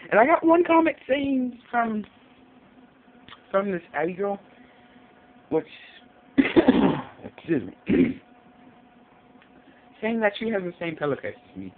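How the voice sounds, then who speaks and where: A man's voice: sits high, sing-song, slow, pauses often. A man swearing constantly as he rambles in a casual vlog from his bedroom. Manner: profane, rambling, jumpy. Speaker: vlogger. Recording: tinny lo-fi audio with faint hiss.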